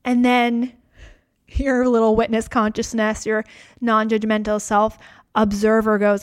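A woman's voice: on the high side, monotone, a little slow, smooth, dry recording, studio quality. A woman hosting a podcast, speaking in a reflective, conversational way and repeating phrases for emphasis. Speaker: podcast host. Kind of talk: casual podcast monologue on yoga and wellness.

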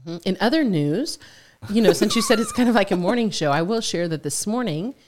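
A woman's voice: medium pitch, animated, quick pace, a little mellow, a little hiss or hum. A woman co-hosting a podcast, cheerful and giggly in casual banter. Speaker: podcast co-host.

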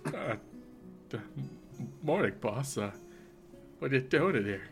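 A man's voice: medium pitch, expressive, a little slow, faint music behind. A man voicing a shifty male henchman who hesitates, stammers and tries to please his boss in a tabletop game. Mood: nervous. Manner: hesitant, full of "uh", wheedling.

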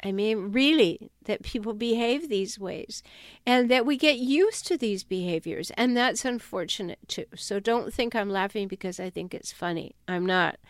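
A woman speaking as a self-help author, talking straight to her listeners with a wry, no-nonsense edge. Her voice is smooth and resonant, and the recording is close and dry with no room sound. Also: mid-range voice, normal speed, dry recording. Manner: wry, direct, with uneasy laughs. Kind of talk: conversational talk to camera or listeners.

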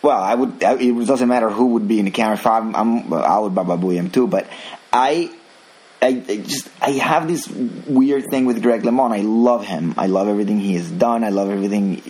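A man's voice: on the low side, a little fast, darkish tone, breathy edge, low-quality recording. A man hosting a casual podcast chat who rambles with strong opinions and reads listener emails aloud. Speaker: podcast host.

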